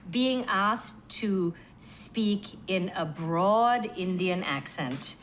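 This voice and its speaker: A woman's voice: mid-range voice, extremely slow, slight background noise. A woman, an actress, explaining a term in a documentary interview clip, wry and explanatory.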